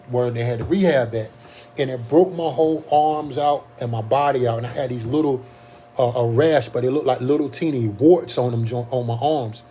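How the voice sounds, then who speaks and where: A young man who survived Covid tells his story as casual personal testimony, his voice warm and mellow at an ordinary pitch. He speaks earnestly but haltingly, with many ums and restarted sentences, over a faint hum in the recording.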